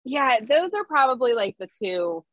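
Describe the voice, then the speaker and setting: A woman's voice: sits high, very animated, normal speed, dry recording, muffled recording. A woman co-hosting a casual podcast chat, blunt and ranting, laughing often. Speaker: podcast co-host.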